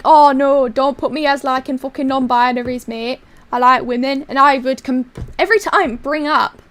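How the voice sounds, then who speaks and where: A woman's voice: sits high, fairly bright tone. A young woman streamer with a put-on British accent, chatting casually, crude and rambling as she reads viewer messages. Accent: put-on basic British accent.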